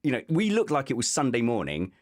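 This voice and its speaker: A man's voice: medium pitch, wildly swooping pitch, quick pace. A man hosting a casual podcast, telling rambling, jokey stories. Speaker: podcast host. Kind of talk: casual chat.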